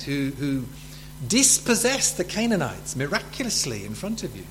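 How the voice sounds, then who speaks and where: Lively man preaching. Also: a little high, slight background noise. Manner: chatty, full of rhetorical tag questions. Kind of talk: sermon.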